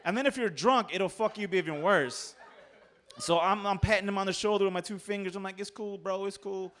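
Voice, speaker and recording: A man telling a comic true story on stage, animated, profane and laughing at himself. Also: sits high, fairly quick. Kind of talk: live comedic storytelling.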